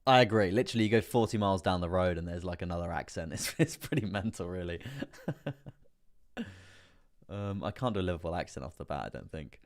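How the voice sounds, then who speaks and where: A man's voice: low voice, fairly quick. A man hosting a casual live stream, chatting through price charts, laughing often and repeating his words as he goes. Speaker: crypto livestream host.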